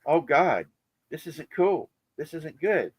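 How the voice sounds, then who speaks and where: A man's voice: a little high, very animated, slow pace, slight background noise, voice pushed up. A man voicing a panicked woman traveler at an airport security check, frantic and exclaiming.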